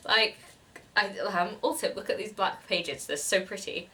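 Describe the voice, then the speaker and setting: A woman's voice: medium pitch, slow pace, long pauses, pushed and bright. A young woman chatting casually as a book vlogger, giggly and gushing about her gifts. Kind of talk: casual chat.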